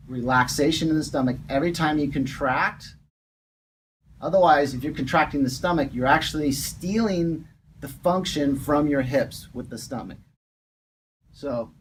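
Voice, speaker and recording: A man calmly talking through an exercise step by step as a fitness instructor, often repeating his words. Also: fairly high pitch, a little hiss or hum, low-quality recording. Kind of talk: casual exercise demonstration.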